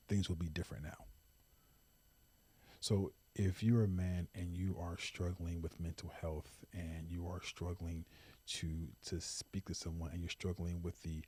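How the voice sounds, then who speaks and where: This podcast host's voice is low, level, unhurried, a little mellow, and husky. On his talk show he gives an earnest monologue, impassioned and pleading, repeating himself for emphasis.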